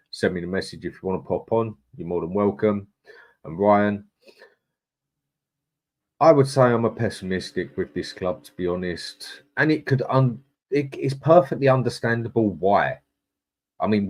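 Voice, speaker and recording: Deep-voiced man, live-stream host, matey and chatty, greets viewers by name. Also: darkish tone. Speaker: livestream host. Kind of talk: casual live chat, reading out viewer comments.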